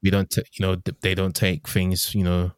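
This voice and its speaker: A man's voice: low voice, completely flat delivery, moderate pace, clear, resonant tone, no echo, studio quality. A man hosting a casual phone interview, encouraging his guest with short affirmations and asking follow-up questions. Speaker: podcast host. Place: phone call.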